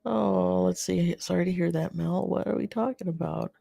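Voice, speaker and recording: A host of a live garden chat, from North America, talking casually and reading viewer comments in a rambling, halting way with many fillers and restarts, sympathetic toward the viewers. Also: medium pitch, fairly even intonation, vocal fry, mellow, dry recording.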